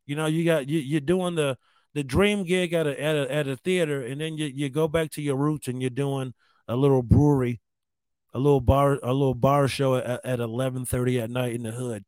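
A man's voice: medium pitch, steady tone, brisk, darkish tone, clear, resonant tone, no room sound. A man who works as a comedian, telling a casual story in a rambling way, with lots of swearing, restarts and fillers.

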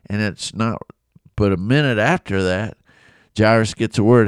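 A Bible teacher gives a casual, conversational lesson in a lowish, animated voice at normal speed, acting out the voices of people in the story. The sound is clean, dry and studio quality.

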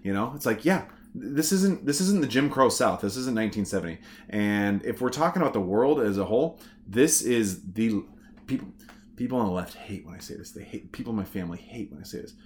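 Blunt, low-voiced man. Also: a little fast, a little hiss or hum. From United States. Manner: blunt, opinionated, backs up the guest with steady agreement. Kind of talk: casual political chat.

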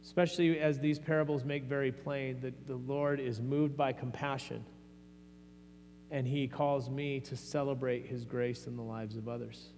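A man's voice: mid-range voice, flat delivery, normal speed, a little mellow. A man preaching a sermon as pastor, earnest and conversational, often restarting his phrases. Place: church sanctuary. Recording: long hall reverb, faint mains hum.

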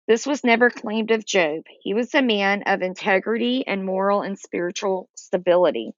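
A woman teaches from scripture, reading passages aloud and then explaining them in everyday words. Her voice sits at a middle pitch. The recording is dry and somewhat muffled, with no room sound. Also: normal speed, dry recording. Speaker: Bible teacher. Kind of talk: Bible study teaching.

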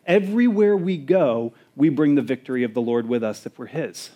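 A male pastor preaching a sermon, sometimes singing hymn lines, excitable and then softening into prayer. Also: mid-range voice, fairly quick. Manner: exuberant, rising to near-shouts of joy; lapses into soft, intimate prayer.

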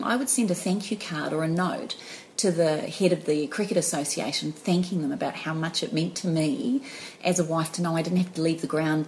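A woman, telling stories in an animated, laughing way as a guest in a casual chat. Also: sits low, a little hiss or hum, low-quality recording. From New Zealand. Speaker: podcast guest.

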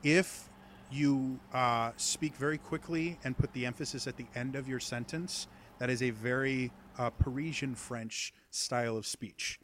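A man with a Midwestern American accent, a podcast guest who explains accents eagerly and in quick bursts. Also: mid-range voice, fairly even intonation, fairly bright tone, slight background noise. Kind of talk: casual podcast chat.

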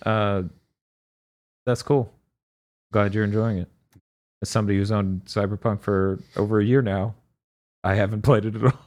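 A man's voice: fairly low pitch, steady tone, moderate pace, long pauses, a little mellow. A man hosting a casual podcast, talking loosely and swearing, acting out exchanges in mock voices. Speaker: podcast host.

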